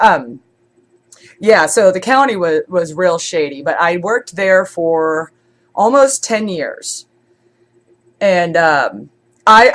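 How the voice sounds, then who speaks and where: Casting: congested woman streamer, rambling chat, lowish voice. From born in Scotland, raised in Germany. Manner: rambling, with many fillers and restarts. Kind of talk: casual chat.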